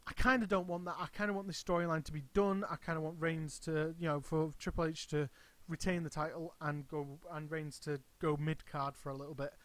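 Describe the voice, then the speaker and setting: A man's voice: fairly high pitch, fairly even intonation, a little fast, few pauses. A man hosting his own channel, giving casual, rambling commentary full of hesitations and restarts. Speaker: wrestling channel host.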